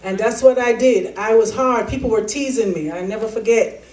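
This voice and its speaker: A woman's voice: on the high side, normal speed, distant mic. Woman speaking in an echoey hall. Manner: animated storytelling, acts out quotes. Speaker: keynote speaker. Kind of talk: motivational speech. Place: large event hall.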